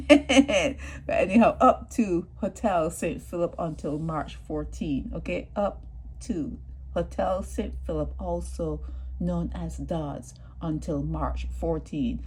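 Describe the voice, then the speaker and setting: Husky woman sounding off. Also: fairly low pitch, a little slow. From Barbados. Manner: animated, indignant, talks straight to viewers. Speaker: vlogger. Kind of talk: opinionated news commentary.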